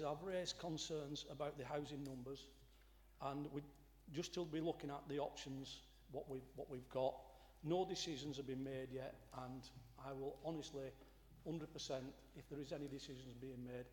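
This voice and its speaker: Hoarse man replying in an echoey chamber. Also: mid-range voice, fairly even intonation, darkish tone. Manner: halting and apologetic, plain-spoken. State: hoarse from a sore throat. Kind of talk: council debate reply. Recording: echoey chamber with long reverb and faint background noise.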